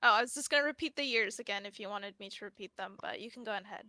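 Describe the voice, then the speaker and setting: A woman's voice: medium pitch, fast, pushed and bright, no room sound. A woman moderating a fan panel, chatty and light, reading out quiz questions and laughing easily. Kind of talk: casual panel discussion.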